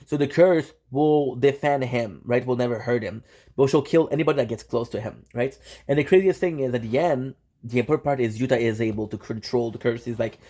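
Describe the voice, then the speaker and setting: Rambling young man with a mellow voice. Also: mid-range voice, a little fast. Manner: rambling, excitable, slangy and swearing, many restarts. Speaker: channel host. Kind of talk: casual anime recap.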